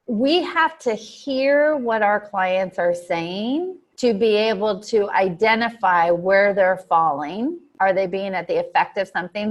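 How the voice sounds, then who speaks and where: A woman's voice: mid-range voice, highs cut off. Woman teaching coaching on a video call. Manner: explanatory, frequent fillers, acts out client quotes. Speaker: coach trainer. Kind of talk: online coaching lesson.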